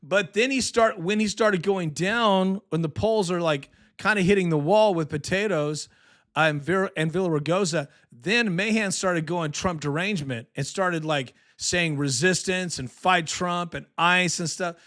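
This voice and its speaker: A man hosting a casual live election podcast, rambling and sarcastic, tired from little sleep but excited. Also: high-pitched, unhurried. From California. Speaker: political podcast host.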